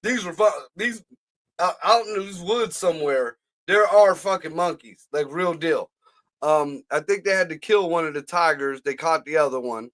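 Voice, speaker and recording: Man, high voice, casual profane chat, slangy storyteller. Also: normal speed, a bit bright. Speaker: podcast co-host.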